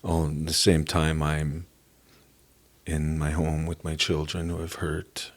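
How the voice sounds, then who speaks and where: A middle-aged man from Canada giving an earnest, halting personal testimony as a podcast guest. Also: a bass voice, completely flat delivery. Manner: earnest, halting, emotional at times.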